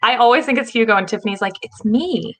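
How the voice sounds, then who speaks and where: A woman co-hosting a casual live stream over a video call, asking quick questions and joking. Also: fairly high pitch, fairly bright tone. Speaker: co-host.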